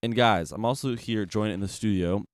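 A young man with a very low voice hosts a laid-back radio show, drifting through his thoughts with plenty of fillers. The studio sound is dry and close, with no room echo. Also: normal speed. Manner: relaxed, rambling with many fillers. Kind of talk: casual radio show chat.

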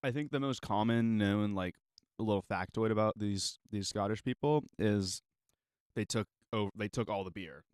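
A man's voice: fairly low pitch, normal speed, darkish tone, dry recording, studio quality. A man hosting a casual podcast chat, laid-back, with lots of short replies while his guest talks.

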